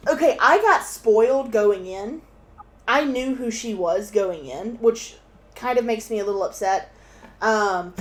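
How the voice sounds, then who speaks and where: A young woman chatting casually at home as a stream guest, excitable and swearing freely, sometimes bursting into loud laughing shouts. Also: fairly high pitch. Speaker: guest co-host on an art stream. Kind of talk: casual chat.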